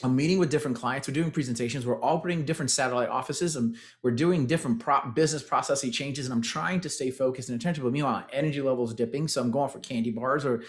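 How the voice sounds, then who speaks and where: Fast and barely pausing, a medium-pitched man with a Texan accent, in his forties and once a tech executive, eagerly recounts his fitness journey as a motivational testimonial. He keeps addressing the crowd as "guys".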